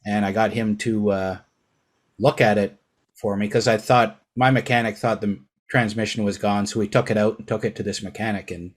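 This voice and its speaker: A man hosting a podcast, relaxed and telling his own stories in a casual chat. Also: fairly low pitch, moderate pace. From Canada. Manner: relaxed, recounts personal stories. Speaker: podcast host.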